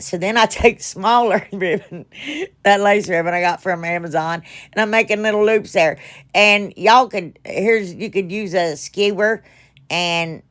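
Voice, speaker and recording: A woman's voice: lowish voice, a little slow, fairly bright tone. A middle-aged woman, narrating her craft project in a rambling, chatty, self-deprecating way full of fillers. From United States. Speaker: craft channel host. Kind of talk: casual crafting voice-over.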